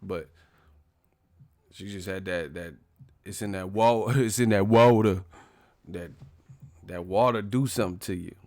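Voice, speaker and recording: A man's voice: deep voice, a little slow, pauses often, a little mellow. A man in his thirties, hosting a live stream, chats loosely and profanely, rambling and laughing as he reacts to viewer comments. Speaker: boxing stream host. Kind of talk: casual live-stream chat reading comments.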